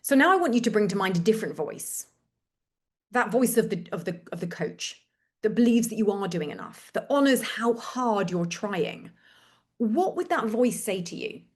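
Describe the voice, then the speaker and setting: A woman hosting a webinar, leading a slow, gentle guided reflection exercise over a video call with repeated prompts. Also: mid-range voice, very animated.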